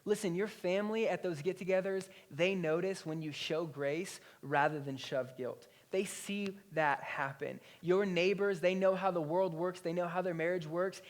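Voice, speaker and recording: A man's voice: high voice, moderate pace, few pauses. Conversational male pastor preaching. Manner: conversational, animated storytelling. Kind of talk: sermon. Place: church.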